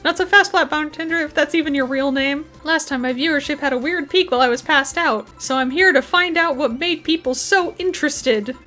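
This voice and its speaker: A woman voicing a brash, loud young female streamer in a fan dub, nosy and boisterous. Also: high voice, fairly quick, few pauses, soft background music.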